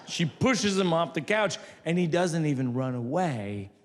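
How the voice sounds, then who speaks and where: A man in his forties doing conversational stand-up storytelling on a theater stage, wry and building to loud punchlines. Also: a little high, big pitch swings, a little slow. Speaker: stand-up comedian. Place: theater stage before an audience. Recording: long hall reverb, audience noise.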